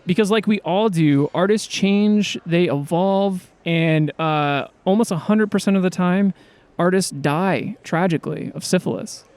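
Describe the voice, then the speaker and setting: A man's voice: high-pitched, unhurried, darkish tone, smooth. A man co-hosting a podcast in casual, partly scripted banter, irreverent and joking, with the odd swear word. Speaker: podcast co-host.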